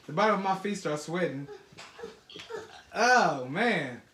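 Hyped dad hosting a home vlog. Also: male voice, high-pitched, lively intonation, slow, sharp tone, slight background noise. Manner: hyped, teasing, calling out to viewers. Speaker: channel host and father. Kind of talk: casual vlog commentary.

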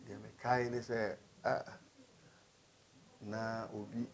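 A man's voice: medium pitch, normal speed, darkish tone. A Ghanaian man in his role as a gospel musician talks through his grievances in an interview. His voice sits in an ordinary middle range. He speaks earnestly and without hurry. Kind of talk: interview answers with sung lines.

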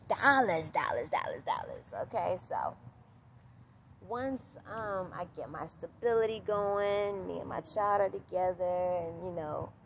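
Casual vlogger woman, animated and repetitive, swears freely, outdoors on a phone, faint noise behind her. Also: medium pitch. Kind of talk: casual vlog monologue. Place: outdoors at sunset.

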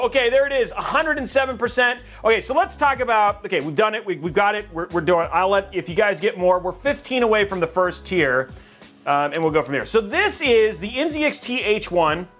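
A man's voice: sits high, fairly bright tone. Jokey rambling man hosting a livestream. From California, USA. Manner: rambling, jokey, reads chat aloud. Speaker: host of a PC-building livestream. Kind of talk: casual livestream chat.

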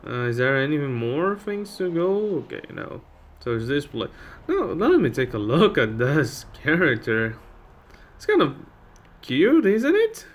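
A gameplay channel host with a slightly high voice and huge pitch swings gives a casual let's-play at a measured pace, joking, chatting to viewers, and laughing at the game.

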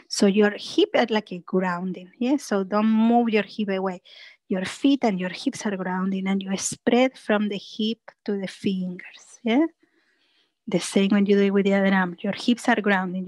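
Gentle, slow-speaking yoga teacher woman. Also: mid-range voice, no room sound, low-quality recording. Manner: gentle, soothing cues with frequent "yeah?" checks; breathy sighs and soft whispered cues on exhales. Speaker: yoga instructor. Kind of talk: guided chair yoga class.

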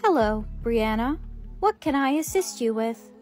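Polite AI robot, done by a woman, stiff, a touch lower than her own voice. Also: animated, unhurried, faint music behind. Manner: stiff, overly polite repetition. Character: eager AI assistant robot, polite and persistent.

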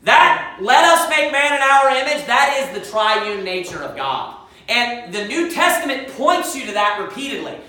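A woman's voice: a little high, sing-song, normal speed, bright, forceful tone. A woman preaching a fervent sermon, quoting scripture in old-fashioned wording. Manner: fervent, quotes scripture in King James wording. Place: church sanctuary. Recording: very echoey church hall, mic at a distance.

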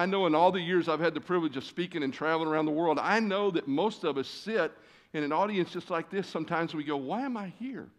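A man of about sixty delivers a sermon to a big congregation. He tells stories in a folksy, self-deprecating way and fills his pauses with "uh." His voice sits a little higher than most men's. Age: 60s. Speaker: guest preacher. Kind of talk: sermon with storytelling. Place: church stage before a large congregation.

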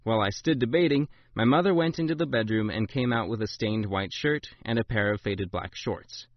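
A man narrating a memoir, voicing the quoted lines with big jumps in pitch and loudness. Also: brisk, no room sound. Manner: voices the quotes with big rises in pitch and volume. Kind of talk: dramatic memoir reading. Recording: dull, lo-fi dry recording.

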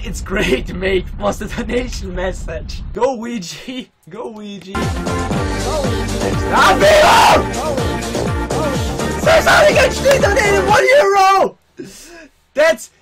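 High-pitched young man yelling over game music. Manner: yelling, swearing, overwhelmed and emotional. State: voice strained from shouting. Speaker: livestreamer. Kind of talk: excited live game-stream commentary. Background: loud game music.

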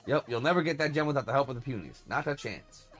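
A man's voice: mid-range voice, lively intonation, fast, fairly bright tone, soft background music, natural voice. A man reading the lines of a grumpy, bossy old female creature elder in a video game, scolding and crotchety.

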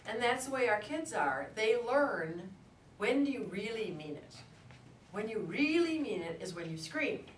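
Speaking unhurriedly in a mid-range, sing-song voice, a woman lectures adults in a conversational style, telling stories as she goes. The distant lecture room recording is echoey, with faint ambience and a little hiss or hum.

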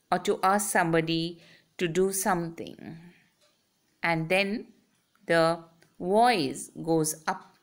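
A woman lecturing on English grammar, explaining step by step and drawing out her example sentences. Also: mid-range voice. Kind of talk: slow, deliberate grammar lesson.

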